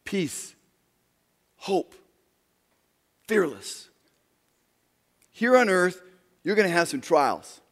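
A pastor preaching a sermon, swinging from quiet, low talk to loud, raised passages. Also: male voice, sing-song, very slow, pauses often. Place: church sanctuary. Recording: long reverb of a large hall.

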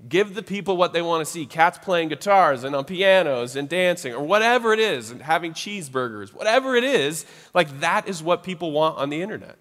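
A man preaching a sermon in a loose, chatty way, often tossing in quick tag questions to his listeners. His voice sits a little high for a man. It rings out with a long reverb, like a church hall. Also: animated, a bit bright. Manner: conversational, frequent "right?" tag questions.

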